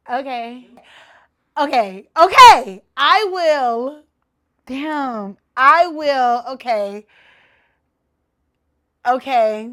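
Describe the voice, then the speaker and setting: A woman hosting her own podcast in casual chat, animated and a little tipsy, with loud exclamations and slang. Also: high voice, takes it slowly, long pauses. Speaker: podcast host.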